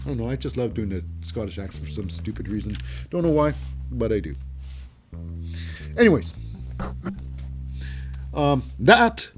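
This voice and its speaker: A man's voice: a little high, darkish tone. A man hosting a wrestling show, giving a casual, rambling recap with many fillers and restarts.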